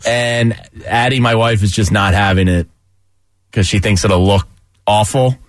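A man's voice: fairly low pitch, fairly even intonation, unhurried, no echo, clean studio sound. A man co-hosting a radio show, rambling and chuckling through his stories. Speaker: co-host. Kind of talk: radio banter.

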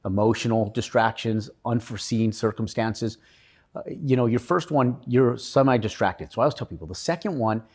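A man's voice: medium pitch, normal speed, a little mellow, slightly rough. A man being interviewed, talking earnestly about his own experience. He rambles and often restarts his sentences. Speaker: podcast guest. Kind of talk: casual interview storytelling.

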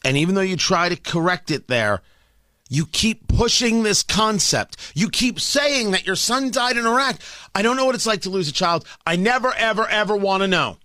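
A man's voice: high voice, animated, moderate pace, bright, forceful tone, dry recording, studio quality. A man hosting a political commentary show, sarcastic and emphatic, needling his target. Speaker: commentary host.

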